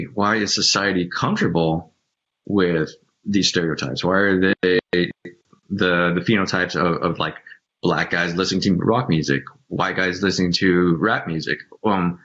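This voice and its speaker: Deep-voiced man, hesitant and reflective. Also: fairly bright tone. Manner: hesitant and reflective, many ums and restarts. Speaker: panelist. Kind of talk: candid panel discussion. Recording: dull lo-fi audio.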